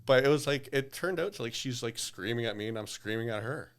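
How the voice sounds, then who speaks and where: A man co-hosting a podcast, telling a story in a loose, profane, animated way. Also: medium pitch, brisk, clear, resonant tone. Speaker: podcast co-host. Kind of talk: casual storytelling chat.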